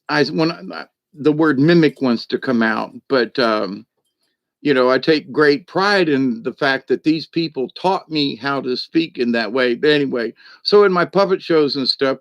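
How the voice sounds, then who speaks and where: A man's voice: mid-range voice, no room sound. Chatty man telling stories. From South Georgia, US. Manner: rambling and chatty, full of "you know" and "but anyway". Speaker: live-stream host. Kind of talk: casual storytelling to a live chat.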